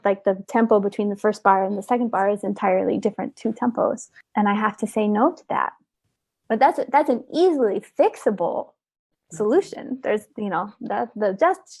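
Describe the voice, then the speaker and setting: A woman's voice: on the high side, a little mellow, no echo. A woman guest on an interview, talking casually and earnestly, often repeating words as she gathers her thoughts. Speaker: orchestra oboist, interview guest.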